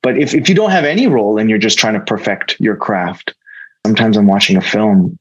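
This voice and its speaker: With a lowish voice and a breathy edge, this American actor talks fairly quickly as an interview guest. The conversation is casual; he's earnest and reflective, often beginning sentences again. Highs are missing from the recording.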